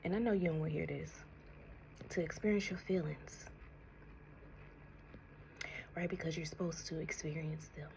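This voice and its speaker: A low-pitched, slightly mellow female voice belongs to a tarot reader giving a spiritual message. She's slow and soothing, often whispers breathily, uses honey for the listener, and sounds tearful and emotional. A little hiss or hum sits in the background.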